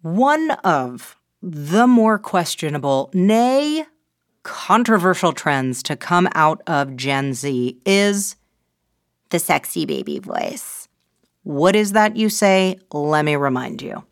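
Low-voiced woman hosting a playful video essay. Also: big pitch swings, slow, no echo, clean studio sound. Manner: playful, wry and theatrical. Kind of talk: scripted narration.

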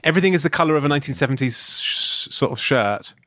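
A man's voice: on the high side, fast, fairly bright tone, no room sound, clean studio sound. A man hosting a comedic podcast, rambling and joking in casual chat, often restarting words.

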